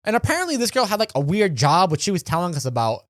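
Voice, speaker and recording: A young man co-hosts a chat podcast, his voice a touch higher than most and swinging widely as he acts out the people in his story. The sound is close and dry, with no room around it. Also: fast, no echo. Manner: animated, acts out quoted voices. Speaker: podcast co-host.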